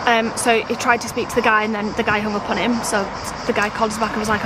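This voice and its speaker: Woman vlogging outside, fairly high voice, all worked up and acting out the dialogue, cars rumbling in the background. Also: fast talker, few pauses. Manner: animated, exasperated, acts out quoted dialogue. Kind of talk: casual vlog storytelling. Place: outdoors at a campsite by a road. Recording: outdoor phone video with traffic noise. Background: passing cars and outdoor ambience.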